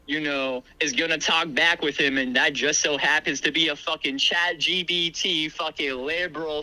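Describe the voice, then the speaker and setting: A man's voice: on the high side, pushed and bright, low-quality recording. A man calling in to a comedy podcast to insult the hosts, in aggressive, taunting, profane trash-talk. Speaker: caller insulting the show.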